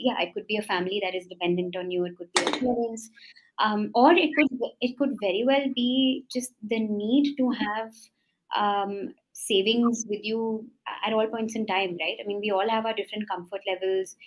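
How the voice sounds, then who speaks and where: A woman with an Indian English accent, a startup founder speaking as a webinar guest, thoughtful and measured with frequent ums. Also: mid-range voice, poor audio. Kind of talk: webinar panel discussion.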